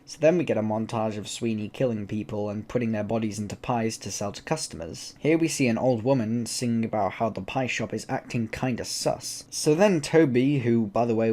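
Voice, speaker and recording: A man's voice: lowish voice, a little mellow. A man casually recapping a horror film for his channel, with jokey, self-deprecating asides. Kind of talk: casual comedic movie recap.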